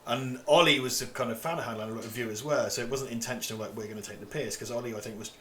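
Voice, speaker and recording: A man's voice: medium pitch, very fast, fairly bright tone, a little hiss or hum. A man from England chatting casually as co-host of a livestream, rambling, swearing and laughing often.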